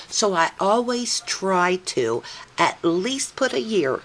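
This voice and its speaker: An older woman hosting a scrapbooking video, chatting warmly and sentimentally about her layouts and her grandson at home. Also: medium pitch, a little slow. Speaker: scrapbooking channel host. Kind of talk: casual craft video chat.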